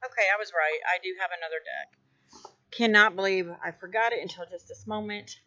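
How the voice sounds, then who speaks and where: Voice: medium pitch, brisk, pushed and bright. Gushing, rambling card-deck vlogger, dull sound. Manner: gushing, rambling, many fillers and restarts. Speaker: oracle card collector showing decks. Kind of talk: casual show-and-tell vlog.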